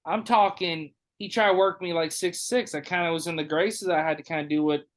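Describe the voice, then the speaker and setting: A man hosting a podcast, telling a story in a casual, animated way with lots of swearing and acted-out dialogue. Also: fairly high pitch, brisk. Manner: animated, profane, acts out others' lines. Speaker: podcast host.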